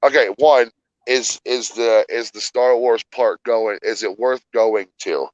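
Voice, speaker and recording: A man co-hosting a casual chat, blunt and quick with short reactions and swearing. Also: medium pitch, no room sound. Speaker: podcast co-host. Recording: dull lo-fi mic.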